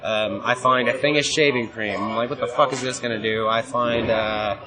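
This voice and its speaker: A man's voice: medium pitch, steady tone, moderate pace. A man telling a wild story in casual, profane talk, laughing often, recorded on a busy convention floor. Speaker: guest wrestler. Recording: noisy convention crowd. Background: crowd chatter.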